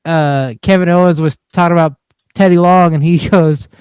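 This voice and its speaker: A man with a high, smooth voice co-hosts a laid-back podcast, cracking self-deprecating jokes and laughing along. He sits close to the mic, and the sound is dry with no room echo. He speaks in an easy, casual way. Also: steady tone, moderate pace, darkish tone. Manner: joking, laughs often. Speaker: podcast co-host. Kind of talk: casual chat.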